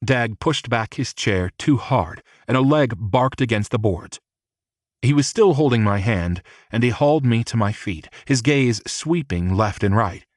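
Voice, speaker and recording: A man narrating a first-person audiobook in a measured, steady reading. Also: medium pitch, dry recording, studio quality.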